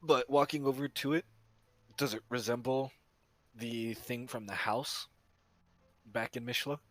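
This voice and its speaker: A man playing in a tabletop game over voice chat, excitable and swearing, with the hiccups. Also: mid-range voice, measured pace, dry recording. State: has the hiccups. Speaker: player.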